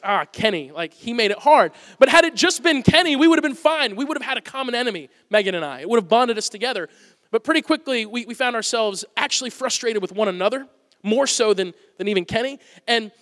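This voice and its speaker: A man's voice: very high-pitched, fairly bright tone, big-room sound. A man in his thirties preaching a sermon to a congregation, telling stories about himself with humor. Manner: storytelling, self-deprecating humor with the congregation. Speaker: pastor.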